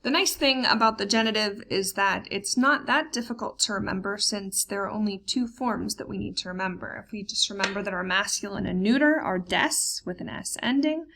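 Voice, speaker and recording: Woman German teacher, slide lesson, gravelly edge, filler-heavy plain explaining. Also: mid-range voice, a bit bright. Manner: slows down for German example words.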